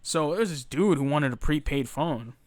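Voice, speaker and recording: A man's voice: on the high side, animated, normal speed, dry recording. A young man ranting casually about his old retail job, swearing often and restarting his sentences. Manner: profane, ranting, frequent fillers and restarts. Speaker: former retail worker telling stories. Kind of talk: casual storytelling rant.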